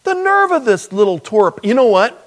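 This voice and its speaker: A middle-aged man preaching a sermon in a conversational storytelling manner, laughing now and then and going soft and low when he voices prayers. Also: big pitch swings, normal speed. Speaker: pastor.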